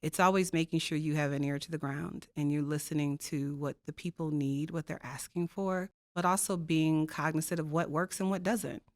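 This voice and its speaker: Low-voiced, with fairly even intonation, normal speed, and few pauses, a faculty guest on a podcast tells her stories earnestly and emphatically. She is a diversity co-chair and poses rhetorical questions as she reflects, in a dry recording.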